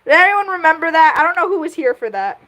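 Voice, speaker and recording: A woman hosts a casual livestream and talks straight to her chat. Her voice sits high and bounces up and down a lot. She sounds animated and giggles easily. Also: fast, rough recording. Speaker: livestream host.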